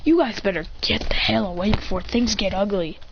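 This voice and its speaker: A woman's voice: mid-range voice, brisk, natural voice. A woman voicing a brash, self-assured young ninja hero who talks tough and taunts his enemies, in a homemade fan story. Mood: taunting. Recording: dull lo-fi with faint hiss.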